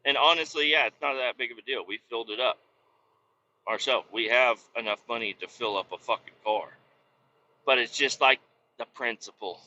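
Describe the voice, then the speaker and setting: A man's voice: medium pitch, normal speed, a little hiss or hum. Swearing man ranting in a truck cab. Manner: heated, swearing, bursts into yelling. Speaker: podcast host. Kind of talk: profane ranting monologue. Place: cab of a semi truck while driving. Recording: dull lo-fi recording.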